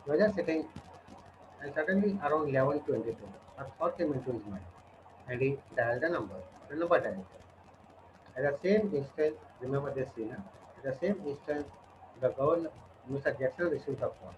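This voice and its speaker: A man's voice: mid-range voice, lively intonation, brisk, slight background noise. A male teacher, retelling a story to students in a conversational way and checking in with them. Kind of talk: storytelling lesson. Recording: dull lo-fi with cooing pigeons. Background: pigeons cooing.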